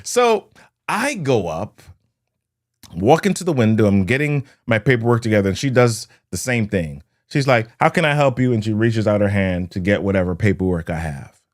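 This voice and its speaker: The host of a motivational leadership show has a fairly low, slightly mellow voice and speaks animatedly at normal speed. He tells stories and dramatizes the scenes with sound words.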